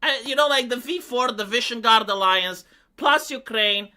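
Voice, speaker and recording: Heated live-stream ranter, bright and sarcastic. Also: mid-range voice, normal speed. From Romania. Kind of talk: ranting live-stream commentary.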